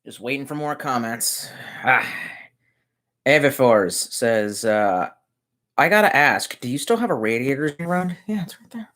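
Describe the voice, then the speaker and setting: Medium in pitch, expressive, a bit bright and slightly slow, the man's voice carries through a casual livestream from his untidy room. He goes through viewer comments aloud, rambling, swearing and tossing in muttered remarks.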